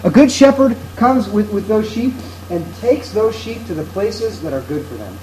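A man with a notably high voice preaches a sermon, earnest and emphatic, building each point through repetition. A faint hiss of noise sits under the recording. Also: expressive, moderate pace, dark tone, low-quality recording. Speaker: pastor.

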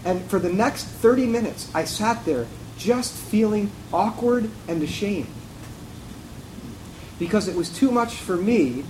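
A man's voice: sits high, expressive, measured pace, darkish tone, a little hiss or hum, low-quality recording. A man giving a sermon in a church, telling a conversational, self-mocking personal story and acting out the dialogue. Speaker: pastor.

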